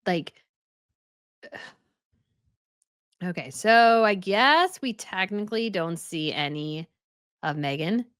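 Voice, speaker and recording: एक महिला होस्ट, जो व्यंग्य भरे और तीखे लहजे में एक वीडियो पर टिप्पणी करती है।. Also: female voice, lowish voice, expressive, takes it slowly, long pauses, a bit bright, clean tone, no echo, studio quality. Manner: sarcastic, scornful running critique. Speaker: commentary channel host. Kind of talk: reaction commentary.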